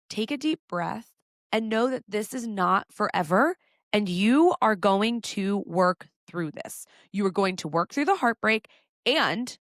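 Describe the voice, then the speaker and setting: A woman's voice: on the high side, a bit bright, no echo, clean studio sound. A woman hosting a podcast, giving frank breakup advice in a candid, direct way, swearing casually and acting out what her listeners might be thinking. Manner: blunt, swears casually, acts out inner voices of listeners.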